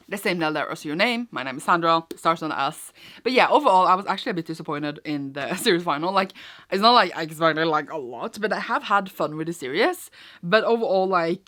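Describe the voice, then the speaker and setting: Chatty low-voiced young woman vlogger. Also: a bit bright. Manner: chatty, rambling, many fillers and restarts. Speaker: book vlogger. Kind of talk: casual book wrap-up vlog. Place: cold room at home.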